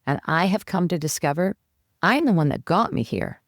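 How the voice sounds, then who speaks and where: A woman's voice: fairly low pitch, sing-song, moderate pace, no room sound, clean studio sound. A woman coach giving advice as a podcast guest, talking animatedly and acting out her own inner voice. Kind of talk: conversational advice.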